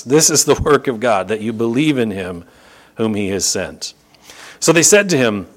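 Man, preacher, sermon, lively rising and falling pitch, repeats words for emphasis, slows on key phrases. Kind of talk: sermon reading and expounding scripture.

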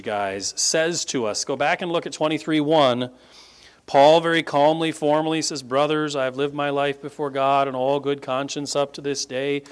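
Male pastor, sermon, emphatic, leaps high on key words then sinks quiet. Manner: emphatic, rising to sudden high stresses then dropping low. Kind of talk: closes in prayer.

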